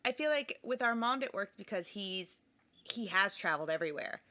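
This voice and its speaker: A woman's voice: mid-range voice, lively intonation, fairly quick, pushed and bright. A woman co-hosting a podcast, chatting casually about a book and its film, laughing often and trailing off mid-sentence. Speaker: podcast co-host.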